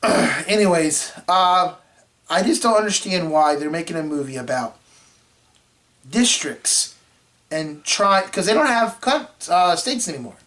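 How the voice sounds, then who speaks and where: A man co-hosting a movie review show, telling a rambling story in casual chat and clearing his throat often. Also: high voice, animated, unhurried, fairly bright tone. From Florida.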